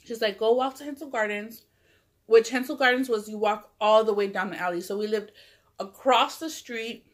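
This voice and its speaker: A woman's voice: medium pitch, moderate pace. A woman vlogger casually telling a long personal story, rambling and full of "like" and self-corrections. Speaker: mukbang vlogger.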